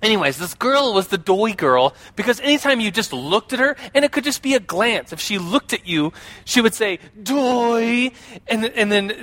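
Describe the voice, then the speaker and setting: Guy with a high bright voice telling stories to a crowd, chatty, lots of "like" and "um", checks in with the audience. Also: a little fast. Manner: chatty, many fillers, asks the audience questions; animated, acts out quoted voices. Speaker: speaker addressing a group. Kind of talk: casual storytelling to an audience.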